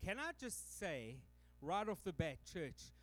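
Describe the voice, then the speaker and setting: A man's voice: high voice, sing-song, slow, a bit bright, faint music behind. A man with a Canadian accent, preaching a sermon to his church and acting out quoted voices. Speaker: pastor.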